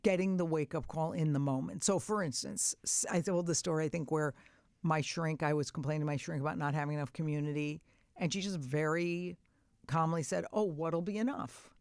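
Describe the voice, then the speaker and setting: A woman's voice: sits low, steady tone, fairly quick, a little mellow, smooth, dry recording, studio quality. A woman in her sixties hosting a podcast, talking bluntly and candidly with some swearing. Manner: blunt and profane, acts out inner voices. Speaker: podcast host.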